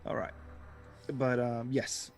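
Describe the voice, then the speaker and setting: A man at a middling pitch runs the table as game master, talking loosely with plenty of "um"s and easy laughs. Soft music plays faintly underneath his voice. His delivery is casual, unhurried banter between rules calls. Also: monotone. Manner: loose, laughing, lots of fillers. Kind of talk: running a tabletop game over chat.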